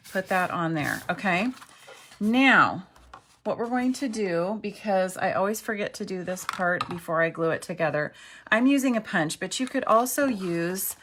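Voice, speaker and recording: Woman craft tutor, middle-aged, slow unhurried delivery, lowish voice, a little background hiss. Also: a bit bright. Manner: chatty, self-deprecating, says okay often. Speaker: craft instructor.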